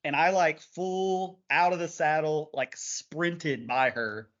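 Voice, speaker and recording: A man co-hosting a podcast, telling a lively race story in casual chat and laughing along. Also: fairly high pitch, slow. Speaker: podcast co-host. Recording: dull lo-fi podcast audio.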